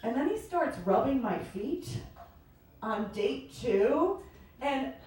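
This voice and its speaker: A woman from the American Midwest works through a chatty stand-up set, her high voice swooping as she laughs along with herself. She takes her time with each line. The club is echoey and she sounds a little far from the mic. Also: big pitch swings, slow pace, mellow. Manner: chatty, self-deprecating, breaks into laughter. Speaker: stand-up comedian. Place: comedy club stage with audience.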